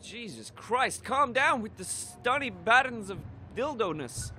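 A man playing a shooter and joking around, goofy and sweary, with sudden shouts. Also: very high voice, big pitch swings, a little slow, few pauses, a little hiss or hum. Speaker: let's play gamer. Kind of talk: gaming commentary.

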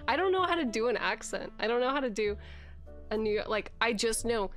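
A woman's voice: on the high side, animated, brisk, soft background music. A woman chatting casually on a game live stream, giggly and often laughing.

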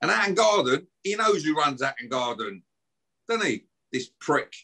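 A man's voice: fairly high pitch, very animated, moderate pace, sharp tone. A man doing a swearing rant. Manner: aggressive, swearing, taunting. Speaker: podcast guest. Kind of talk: heated podcast rant.

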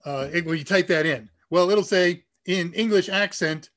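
Nasal midwest guy hosting a live q&a stream, kinda high voice, chatty and excited about tech stuff. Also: normal speed. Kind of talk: casual live Q&A chat.

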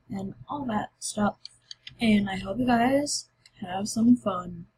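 A woman's voice: mid-range voice, takes it slowly, mellow, husky, rough recording. A woman YouTuber chatting casually and rambling through a game giveaway video. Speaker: Minecraft YouTuber.

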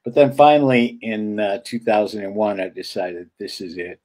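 An older man from upstate New York, talking as an interview guest and recalling things with many halting "uh" pauses. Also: fairly low pitch, darkish tone. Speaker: guest filmmaker. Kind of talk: casual interview chat.

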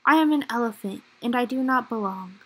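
A woman voicing a shy, worried gray male elephant in a children's picture book reading, speaking slowly, hesitantly and glumly. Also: on the high side, animated, husky, voice pushed down, rough recording. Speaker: library storyteller.

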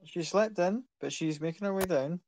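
A man's voice: high-pitched, moderate pace, background noise. A man narrating a tabletop game as game master, in a casual, loose style.

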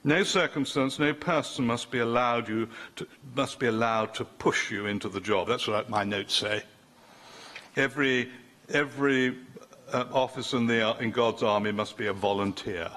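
A man's voice: medium pitch, moderate pace, bright, forceful tone. An older man preaching a sermon in a chatty, joking way, often breaking off mid-sentence and teasing the congregation.

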